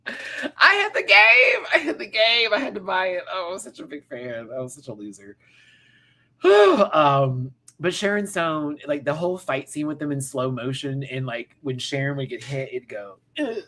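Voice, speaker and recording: A man in his thirties with a fairly high, slightly bright voice speaks at a moderate pace with big pitch swings, against slight background noise. He hosts a casual pop-culture rant. His manner is sassy and campy, with frequent laughter.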